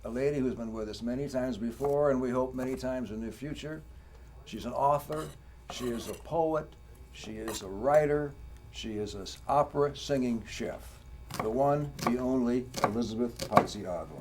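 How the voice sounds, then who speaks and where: A man's voice: medium pitch, moderate pace, darkish tone, a little hiss or hum. A man hosting a TV show in a studio, giving an upbeat introduction and trading playful banter with his guest. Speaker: host.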